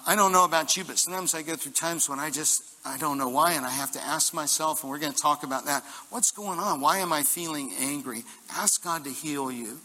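A man pastor preaching a lively sermon with jokes and call-and-response to the congregation. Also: medium pitch. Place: church hall. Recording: long hall reverb.

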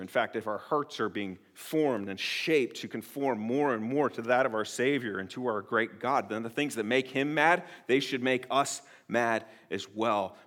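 A man preaching a sermon as pastor, earnest and emphatic, often restarting phrases and swinging between quiet and loud. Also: mid-range voice.

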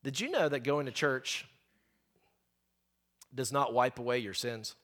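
A middle-aged man preaching a sermon, stressing key phrases slowly and often repeating words as he talks. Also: mid-range voice, fairly bright tone.

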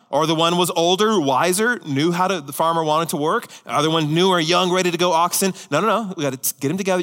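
A man pastor delivers an animated sermon, acting out quotes with a humorous touch. His voice is bright and forceful. It rings out with the long reverb of a church sanctuary. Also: fairly high pitch. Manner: animated preaching, acts out quotes, humorous asides.

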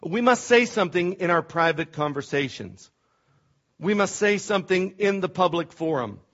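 A middle-aged male pastor preaching with fervent emphasis, his voice pitched a little high for a man. He presses hard on key words and now and then trips over restarts. The church recording sounds dull and lo-fi. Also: lively intonation, moderate pace, fairly bright tone. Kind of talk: sermon.

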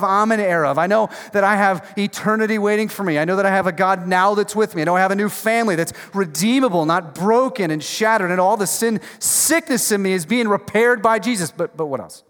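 A man preaching a sermon as pastor, conversational and emphatic, dropping from loud bursts to hushed lines. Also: sits high. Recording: long reverb of a large hall.

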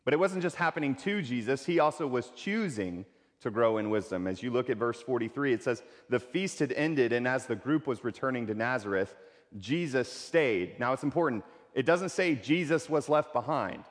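A pastor preaching a sermon in a conversational way, repeating key phrases for emphasis. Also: male voice, medium pitch, expressive, moderate pace, in a large hall.

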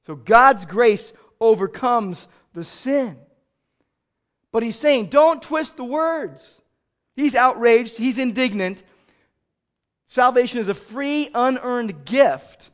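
Man, pastor preaching, high voice, animated, loud bursts then soft explaining. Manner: animated, swings from loud outrage to quiet explanation. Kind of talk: sermon.

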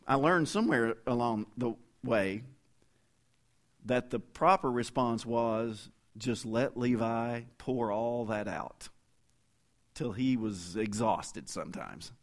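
A man's voice: medium pitch, slow pace. A middle-aged man preaching a sermon as pastor, in a folksy, conversational way, with stories and asides to the congregation.

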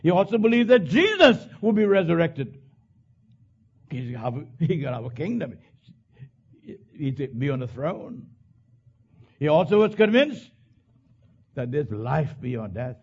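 A male pastor preaching a sermon, swinging from hushed low lines to loud high bursts. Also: very animated, a little slow, pauses often, husky, muffled recording.

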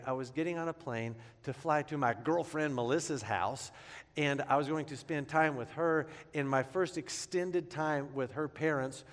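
A man in his thirties preaching a sermon, conversational and joking, who breaks into playful character voices while telling stories. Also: mid-range voice. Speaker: pastor. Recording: long hall reverb.

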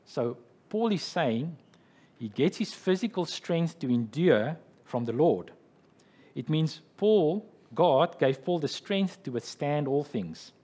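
A man's voice: on the high side, animated, slow, mellow, slightly rough. A man preaching a sermon as pastor, explaining scripture and retelling a story in an explanatory way, often checking in with "okay" and "right".

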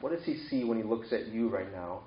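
A man's voice: lowish voice, a little fast, a little hiss or hum. A man preaching a sermon in a conversational way, asking his listeners a string of questions. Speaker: pastor. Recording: echoey room, dull lo-fi sound.

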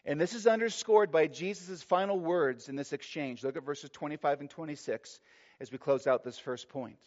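A male pastor delivering a sermon in a slightly high-pitched voice. He preaches emphatically, leaning on key words and slowing down for scripture. The recording sounds dull and lo-fi. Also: a little mellow.

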